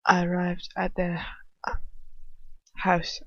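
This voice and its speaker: A woman reading the part of a calm, cold man in a still, perfectly controlled voice, in a dry, slightly dull home recording. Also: lowish voice, slow pace, no echo. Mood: flat, controlled.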